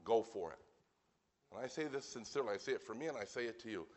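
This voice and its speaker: This evening sermon comes from a pastor whose medium-pitched, slightly mellow voice has lively intonation. He talks earnestly and simply, adds wry comments, and reads the scripture in a slow, solemn way.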